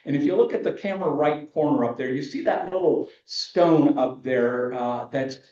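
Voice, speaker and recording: Over a muffled, echoey video call that sounds far away, a man judges photography competition entries. His voice is a little high and warm, his pace moderate, and he explains with enthusiasm, often restarting his sentences.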